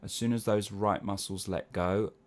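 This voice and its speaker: A man's voice: lowish voice, steady tone, moderate pace. A man teaching singing, explaining vocal technique patiently and breaking into short sung syllable exercises. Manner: explains patiently, often checks in with "yeah?". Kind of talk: spoken vocal lesson with sung demonstrations.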